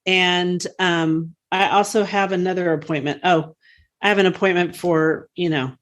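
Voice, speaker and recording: A woman's voice: lowish voice, steady tone, moderate pace. A woman co-hosting a podcast in casual chat, talkative and rambling, with frequent laughs and fillers. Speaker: podcast co-host.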